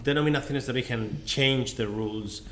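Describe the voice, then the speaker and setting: A man's voice: medium pitch, fairly quick, fairly bright tone, a little hiss or hum. Hesitant man. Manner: hesitant, searching for words with many uhs. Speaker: wine tasting co-host. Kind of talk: casual online tasting chat.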